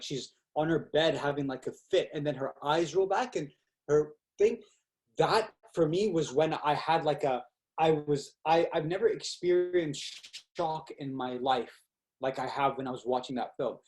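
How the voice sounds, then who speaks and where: A young man as a podcast guest, telling stories in a lively, casual way and acting out quotes, with lots of "like" fillers. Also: fairly high pitch, moderate pace. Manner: animated, acts out quotes with fillers like "like". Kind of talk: casual storytelling chat.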